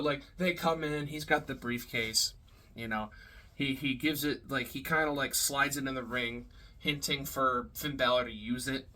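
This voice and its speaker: A man giving a casual, rambling spoken review, heavy on swearing, fillers and quick laughs. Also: medium pitch, pushed and bright. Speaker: wrestling reviewer.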